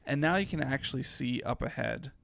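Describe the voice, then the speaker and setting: A man's voice: medium pitch, a little fast, vocal fry, fairly bright tone, dry recording. A man co-hosting a podcast, chatting easygoingly about a film and agreeing often with his partner. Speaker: podcast co-host. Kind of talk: casual film breakdown chat.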